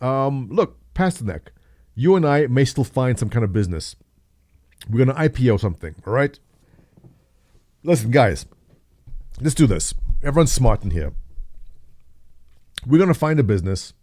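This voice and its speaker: A man's voice: medium pitch, sing-song, normal speed, pauses often, warm tone, no room sound. A man in his thirties, host of a livestream, chatting casually and jokingly, answering viewers by name. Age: 30s. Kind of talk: casual chat with live chat readers.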